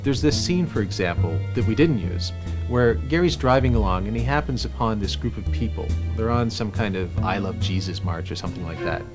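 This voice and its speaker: Sarcastic ranting producer, lively pitch. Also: male voice, fairly quick. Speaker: film producer. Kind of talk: mockumentary interview. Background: music.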